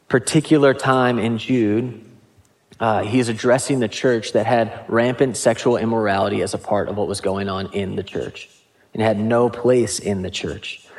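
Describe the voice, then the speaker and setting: A pastor preaching a sermon in a conversational way, with casual asides and questions to the congregation. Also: male voice, lowish voice, darkish tone.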